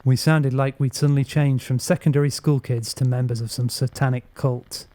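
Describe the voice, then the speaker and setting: A man narrating a first-person horror story in a measured, steady storytelling voice. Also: mid-range voice, no echo. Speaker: audiobook narrator.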